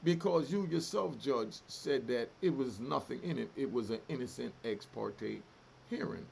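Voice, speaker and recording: A man's voice: mid-range voice, normal speed, creaky, a little mellow, a little hiss or hum. A middle-aged man hosting a commentary channel, delivering fiery, emotional, profane street talk in a heated solo rant.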